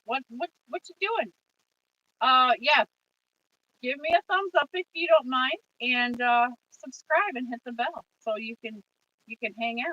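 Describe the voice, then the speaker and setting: A woman hosts a relaxed trucking livestream, reading out viewer comments and answering them in a friendly, chatty way. Her voice sits a bit high. She sounds set back from a dull, lo-fi mic with a dry sound. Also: measured pace, distant mic. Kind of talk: casual live chat reading viewer comments.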